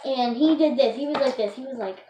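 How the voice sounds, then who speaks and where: A woman's voice: high-pitched, a little fast. A young girl chatting casually with a friend for a vlog, giggly and talking over her, recorded from a distance in an echoey room. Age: child. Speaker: young vlogger. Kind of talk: casual chat. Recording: echoey room, distant mic, faint noise.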